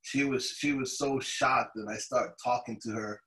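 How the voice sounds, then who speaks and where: A man excitedly telling a personal story on a video call, often laughing as he talks. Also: medium pitch, normal speed. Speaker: guest sharing a testimonial. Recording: echoey room over video call.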